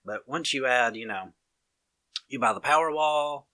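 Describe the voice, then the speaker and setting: A man's voice: mid-range voice, normal speed, bright, forceful tone. A man with a Southern US accent, chatting casually and acting out both sides of a story. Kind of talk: casual chat.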